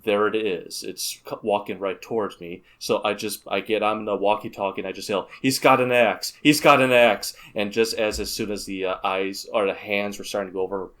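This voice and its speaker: A man's voice: on the low side, little pitch movement, brisk, hardly any pauses. A man who is a guest on a gaming podcast, telling a long story and often restarting his sentences. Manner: rambling storyteller with many restarts. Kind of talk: casual gaming podcast chat.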